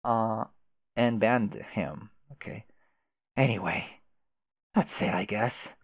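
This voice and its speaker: A man's voice: lowish voice, slow pace, no echo, clean studio sound. A man reading a webcomic aloud, casually rattling off chat headers and asides. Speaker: webcomic reader.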